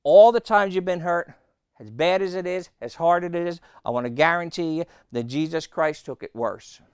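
A man preaching a sermon, emphatic and repetitive, quizzing his listeners and slowing down to read scripture. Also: on the high side, clear, resonant tone, no echo. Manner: emphatic, repeating phrases and asking the congregation questions; slows right down on scripture quotes.

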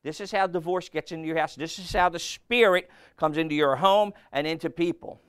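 A man in his sixties preaching a sermon, blunt and emphatic, repeating phrases and rising to loud outbursts. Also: a little high, brisk, clean tone. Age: 60s.

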